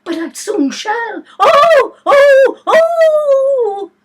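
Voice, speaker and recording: A woman's voice: big pitch swings, a little slow, slight background noise. A woman voicing a shrieking, scatterbrained old Queen. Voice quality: high, wailing, squeaky when upset.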